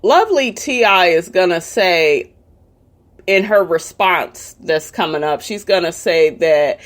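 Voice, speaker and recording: A woman's voice: lowish voice, animated, unhurried. A woman giving a heated, profane commentary rant, sassy and blunt, cursing freely. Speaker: commentary vlogger.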